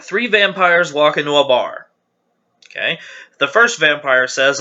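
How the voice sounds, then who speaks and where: Bright-voiced man reading jokes, giggly. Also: on the high side, expressive, a little slow, muffled recording. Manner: chatty, giggly, self-deprecating asides. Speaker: channel host reading viewer jokes. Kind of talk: casual reading aloud to camera.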